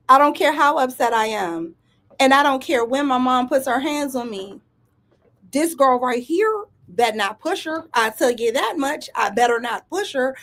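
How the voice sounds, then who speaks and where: Sassy, animated woman host. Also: fairly high pitch. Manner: animated, sassy, emphatic with rhetorical asides. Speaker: commentary host. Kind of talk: casual reaction commentary.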